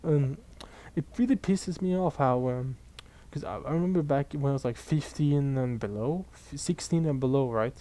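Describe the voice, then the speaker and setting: A young man, ranting casually and profanely to camera in an exasperated, animated way. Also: mid-range voice, normal speed, few pauses. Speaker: vlogger.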